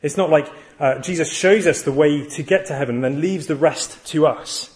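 A man's voice: on the high side, normal speed. A man preaching a sermon, earnest and emphatic, telling a story and building to repeated phrases.

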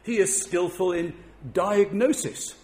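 A man's voice: high-pitched, slow pace, darkish tone. A man preaching a sermon, earnest and given to repeating words as he builds his point.

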